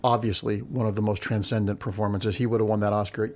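A man in a casual film discussion, talking in an animated, opinionated, mocking way. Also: fairly low pitch, quick pace.

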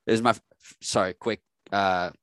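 A man with a lowish voice co-hosts a sports podcast. He tells stories with energy and laughs easily. The mic is close and dry. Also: normal speed, dry recording. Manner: animated storyteller, laughs often. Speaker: sports reporter co-host. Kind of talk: casual sports chat.

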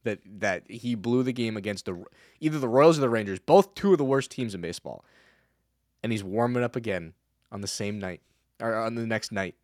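A man's voice: lowish voice, brisk, a little mellow, dry recording, studio quality. A man hosting a podcast, chatting casually about baseball in a rambling way with many restarts. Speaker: podcast host. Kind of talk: casual sports chat.

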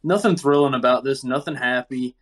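A man's voice: mid-range voice, a little fast. Laid-back, blunt man co-host. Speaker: podcast co-host. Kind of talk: casual chat.

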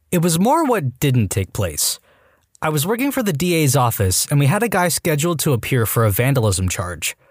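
Lively man narrating stories. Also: mid-range voice, no echo, studio quality. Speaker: narrator reading online stories. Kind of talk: scripted narration.

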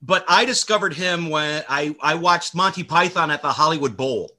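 A man's voice: a little high, normal speed, sharp tone. An American man hosting a podcast, chatting enthusiastically with frequent restarts. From United States. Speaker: podcast host. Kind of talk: casual chat.

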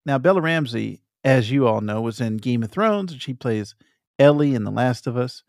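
A man's voice: medium pitch, lively intonation, moderate pace, gravelly, a little mellow, no room sound, studio quality. A man co-hosting a casual gaming podcast, reading news aloud in a playful, teasing way and laughing often. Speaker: podcast co-host.

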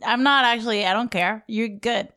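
A woman's voice: fairly high pitch, moderate pace, sharp tone, dry recording, studio quality. A woman teasing her friends in a casual podcast chat. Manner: teasing, wry.

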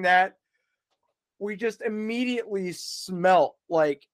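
A man's voice: high voice, a little slow, dry recording. Rambling, swearing male storyteller. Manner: rambling, swears freely, laughs mid-story. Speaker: podcast guest. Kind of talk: casual storytelling.

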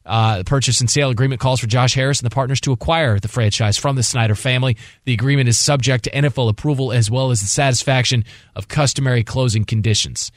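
A man's voice: mid-range voice, fast, dry recording, clean studio sound. A man hosting a sports radio show, talking passionately and rambling with restarts. He grew up in the Washington D.C. area. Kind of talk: casual sports talk.

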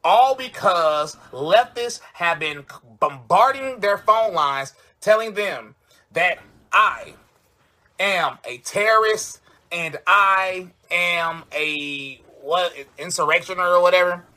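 A man on a livestream, indignantly complaining, pausing to thank donors. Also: high voice, sharp tone. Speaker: rapper speaking on a livestream. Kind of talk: aggrieved livestream talk.

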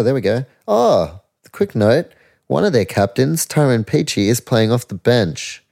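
A young man hosts a casual sports podcast, ranting in loose, incredulous bursts and swearing freely. His voice sits deep, with a dark, mellow tone. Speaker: podcast host.

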